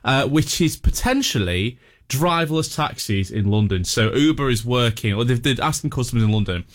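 A man's voice: medium pitch, expressive, moderate pace, no room sound. A man hosting an afternoon radio show, casually bantering with a colleague in the studio and introducing the next song. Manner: upbeat, banter-filled presenting.

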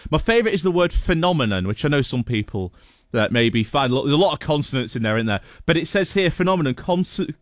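A man's voice: fairly high pitch, very animated, fast, no room sound. A man presenting a radio show in a studio, chatty and playful, with a few light stumbles. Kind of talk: casual radio chat.

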